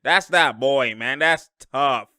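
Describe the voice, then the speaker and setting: A man giving a casual, slangy breakdown of basketball game film, animated and laughing often as he mimics the players' reactions. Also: medium pitch, takes it slowly, no room sound, clean studio sound. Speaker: basketball analyst and channel host.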